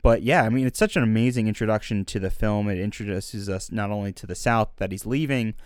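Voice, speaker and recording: A man's voice: lowish voice, fast, smooth, no room sound, clean studio sound. A young man co-hosting a film podcast, talking in long, thoughtful, winding sentences. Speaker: podcast co-host. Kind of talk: casual film discussion.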